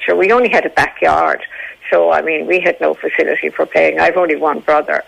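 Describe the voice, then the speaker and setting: A woman's voice: sits low, gravelly, poor audio. An Irish woman in her eighties, from Dublin, chatting forthrightly on a radio panel and telling stories. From Dublin, Ireland. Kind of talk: casual radio chat.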